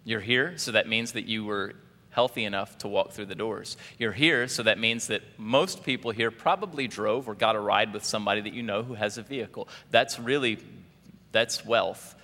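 A male pastor preaching a sermon in an animated way, often asking the congregation questions. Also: on the low side. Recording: reverberant hall.

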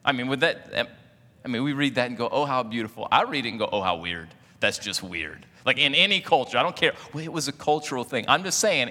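A pastor with a fairly high voice delivers a sermon in a bright, forceful tone, joking easily and asking the congregation questions. A long hall reverb trails behind his words.

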